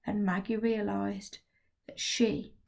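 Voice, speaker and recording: A woman's voice: mid-range voice, level tone, slow, gravelly, a little mellow. A woman teacher reading a chapter book aloud to her class, then recapping it. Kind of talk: storybook read-aloud with recap.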